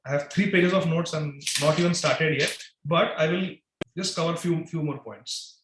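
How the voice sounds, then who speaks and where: A man's voice: on the high side, normal speed, roomy sound, noisy background. A man giving a devotional scripture class, chanting verses and dramatically voicing sarcastic questions to his listeners. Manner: animated, dramatic, voices the gopis' sarcastic questions.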